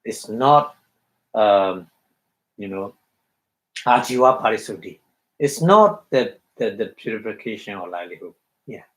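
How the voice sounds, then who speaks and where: Slow-talking Burmese-accented monk teaching. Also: male voice, on the low side, animated, rough recording. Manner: halting, many fillers, acts out quotes with laughter. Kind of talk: dharma talk.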